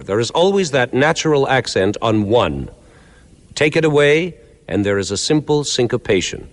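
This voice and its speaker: Man, music lecture, measured and clear, animated pitch, echoing hall. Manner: clear, measured explaining, counting out beats. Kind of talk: explanatory lecture with counted demonstrations.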